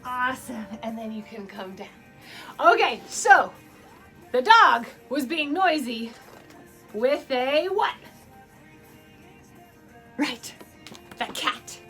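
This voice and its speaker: A woman's voice: sits high, very animated, takes it slowly, pauses often, fairly bright tone, soft background music. A woman teaching children a dance storytime from her basement, playful and encouraging, laughing often and making animal sounds. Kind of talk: guided movement storytime for kids. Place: home basement.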